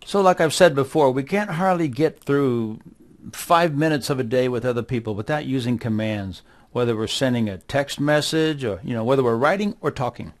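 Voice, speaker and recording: A man's voice: medium pitch, normal speed. A middle-aged man teaching a language lesson to children. He talks patiently and repeats words one at a time as drills. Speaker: Spanish teacher. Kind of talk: slow, deliberate classroom instruction for kids.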